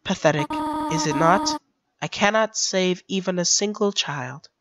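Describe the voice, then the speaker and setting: Girl doing a low soft sad mom-goat voice, slow and gentle, game music under it. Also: big pitch swings, a little hiss or hum. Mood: pleading. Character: gentle motherly goat woman, sad and protective. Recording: game music playing behind.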